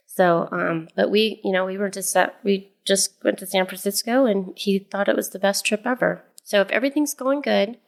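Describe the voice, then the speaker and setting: A woman's voice: mid-range voice, vocal fry. A mother co-hosting a podcast, telling a family story in casual chat with many fillers and restarts.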